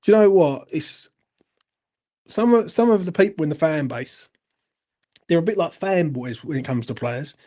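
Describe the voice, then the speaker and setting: A man's voice: on the high side, lively intonation, normal speed, long pauses, warm tone. A man, hosting a live football fan stream and chatting bluntly to viewers while reading out their comments. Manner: blunt, sweary, chatty, addresses viewers as mate. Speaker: football fan channel host.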